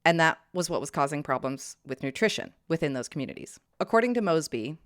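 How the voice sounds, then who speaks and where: Low, dry-voiced woman reading podcast notes. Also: very animated, fast, few pauses, no echo. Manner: reads prepared notes, flares into heated outrage. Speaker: podcast co-host presenting research. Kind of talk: scripted history podcast with casual banter.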